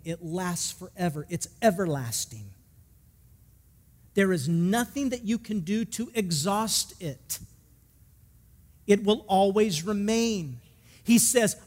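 A man's voice: high-pitched, big-room sound. A male pastor preaching a sermon emphatically, asking the congregation questions and telling a story.

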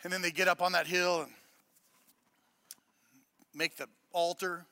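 High bright guy preaching, jokey asides then gets loud and emphatic, dry close sound. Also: level tone, a little slow, dry recording. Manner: casual, joking asides between preaching. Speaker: pastor. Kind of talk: sermon.

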